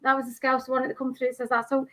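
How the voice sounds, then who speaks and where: A Scottish woman guest telling a story in an animated, casual way. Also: high voice, racing. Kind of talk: casual chat.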